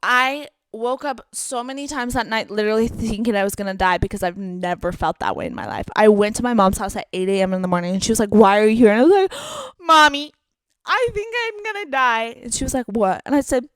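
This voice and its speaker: She speaks quickly with few pauses, her medium-pitched voice fairly even in intonation, with no room sound. A woman in her twenties co-hosting a podcast, she casually and animatedly recounts a night out, acting out her friends' lines.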